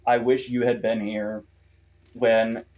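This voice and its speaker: Male co-host, mid pitch, dull lo-fi sound, chatty and jokey. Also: level tone, slow pace. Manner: joking, laughs often. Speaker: podcast co-host. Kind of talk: casual chat.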